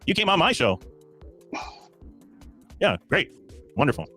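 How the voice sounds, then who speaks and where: A man's voice: a little high, very animated, a little slow, bright, forceful tone, soft background music. A man hosting a livestream, defending himself over and over in a heated call-in argument. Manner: defensive, repetitive, insistent. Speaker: livestream host.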